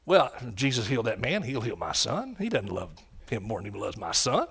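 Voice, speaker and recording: A man preaching a sermon, swinging from quiet, low lines to loud, shouted ones. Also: huge pitch swings, brisk, vocal fry, husky. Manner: impassioned, rising to shouts and dropping low.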